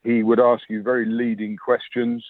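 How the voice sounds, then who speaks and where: A man's voice: medium pitch, level tone, normal speed, no echo. A man in his sixties, an interview guest, recalling past work in long reflective anecdotes full of quoted dialogue. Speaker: interview guest, former sponsorship manager. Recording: dry tinny phone-line sound.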